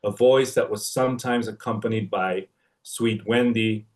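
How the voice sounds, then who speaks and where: Low-voiced man from Mexico reading a tribute. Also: a little slow. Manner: hesitant start, then steady reading with a poetic rhythm. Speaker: family friend giving a tribute. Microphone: livestream connection.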